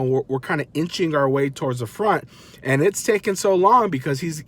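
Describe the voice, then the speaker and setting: A man in his thirties telling a story in a casual, animated, self-mocking way and acting out the people he quotes. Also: on the high side, slightly rough. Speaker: vlogger dad.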